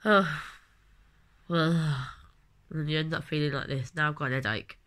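A woman's voice: low-pitched, steady tone, moderate pace, fairly bright tone. A woman in her late twenties with a London accent, talking in a rambling, heartfelt personal vlog while she has a cold. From London, England. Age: late 20s. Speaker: vlogger.

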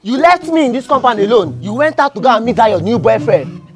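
A man's voice: very high-pitched, big pitch swings, fast, full character voice. A man with a Nigerian English accent acting a jilted young man who whines and reproaches in a comedy skit, with music behind. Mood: reproachful. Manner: whining, reproachful. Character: sulking young man abandoned by his ex-girlfriend.

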